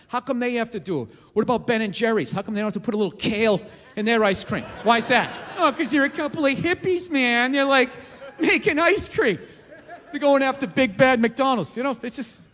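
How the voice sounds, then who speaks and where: Man, forties, stand-up comic, very high voice, bright, profane rant, reverberant theater. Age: 40s. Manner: ranting, profane, incredulous. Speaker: stand-up comedian. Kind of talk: stand-up comedy set. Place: large theater stage. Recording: live theater, long reverb, crowd and noise.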